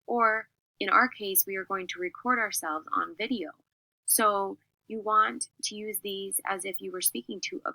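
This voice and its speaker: Female teacher, clear expressive lesson delivery, bright tone, dry close sound. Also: medium pitch, no echo, rough recording. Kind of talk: classroom lesson on public speaking.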